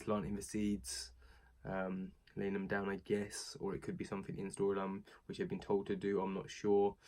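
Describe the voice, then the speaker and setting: A man's voice: fairly low pitch, darkish tone. A young British man casually recapping a wrestling show, rambling and chatty, with many fillers and asides. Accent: British English.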